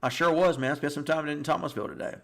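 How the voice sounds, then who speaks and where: A man hosting a live high school football show, reading scores and viewer comments in a casual, animated way. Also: very fast, creaky. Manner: chatty and animated, reacting aloud with stunned exclamations and repeated words.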